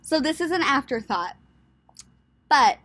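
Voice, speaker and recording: A young woman chats on in a casual travel vlog, thinking aloud as she goes, with a light Southern US accent slipping into her words. Her voice sits a little high and sounds bright and forceful. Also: very animated, unhurried. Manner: chatty and rambling, thinking aloud. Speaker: travel vlogger.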